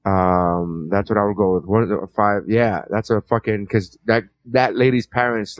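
A man's voice: fairly low pitch, steady tone, moderate pace, few pauses, dry recording. A man hosting a movie review podcast, talking in a rambling way with many restarts and casual swearing. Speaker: podcast host.

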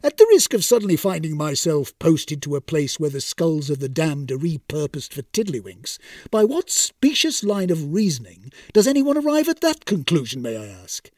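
A man's voice: a little high, sing-song, normal speed, few pauses, darkish tone, no echo, studio quality, distant mic. A man voicing a put-upon male Grim Reaper spirit who complains in an indignant, plaintive way.

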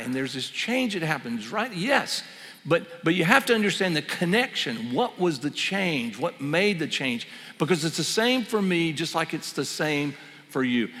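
Male pastor, slightly high, bright tone, earnest sermon in a reverberant hall. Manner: earnest, slows down on key phrases, repeats for emphasis.

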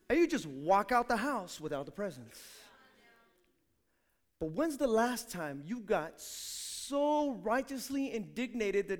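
A male pastor delivers a lively sermon in a high voice at a slow pace. He acts out quotes and swings between hushed asides and shouted calls.

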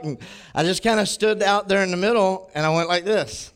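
Male pastor, sermon, chatty storytelling, slightly high voice. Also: normal speed, clear, resonant tone. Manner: conversational, animated storyteller.

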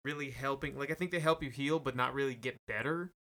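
Guy co-hosting a casual podcast, rambling with lots of fillers, bright voice. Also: mid-range voice, fast talker. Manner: rambling, hesitant, many fillers and restarts. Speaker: podcast co-host. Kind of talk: casual chat.

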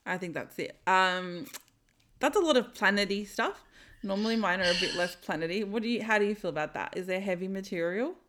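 A woman's voice: mid-range voice, a little fast, a bit bright. A young woman hosting a podcast, chatting casually with a friend, laughing often and filling with um. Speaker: podcast host.

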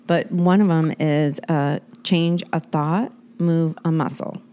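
A woman co-hosting a podcast in casual chat, energetic, blunt and jokey. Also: sits low, takes it slowly, smooth. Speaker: podcast co-host.

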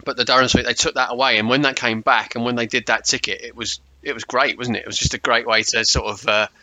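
A man's voice: mid-range voice, steady tone, quick pace, sharp tone, poor audio. A man in casual conversation, reminiscing about match days and often restarting with repeated words. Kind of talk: casual chat.

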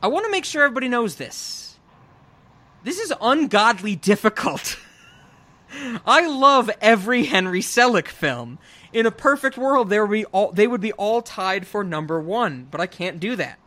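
High, bright-voiced enthusiastic male podcaster. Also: sing-song, moderate pace. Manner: gushing, enthusiastic, swears freely. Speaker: podcast co-host. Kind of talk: casual film discussion.

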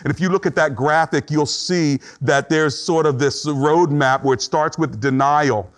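A man's voice: a little high, moderate pace. A middle-aged man preaching a sermon in an earnest, conversational way, acting out short quotes as he teaches. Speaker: pastor.

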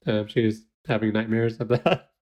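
A man's voice: lowish voice, moderate pace, a little mellow. Joking man co-hosting a podcast. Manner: joking, laughs often. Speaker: podcast co-host. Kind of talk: casual chat.

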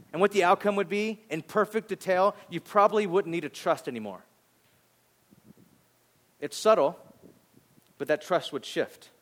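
A man with a high voice preaches in a loose, talky way. He swings from bright acted-out voices to quiet, hushed moments as he speaks to his congregation as their pastor. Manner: conversational, animated, acts out voices, drops to a near whisper on serious points. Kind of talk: sermon.

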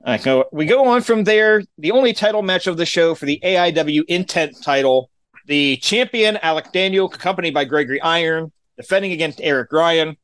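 A man's voice: fairly high pitch, expressive, a little fast, fairly bright tone, no echo. Dry-voiced man recapping matches. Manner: dry, matter-of-fact play-by-play with opinions. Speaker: podcast host recapping wrestling shows. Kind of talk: casual recap chat.

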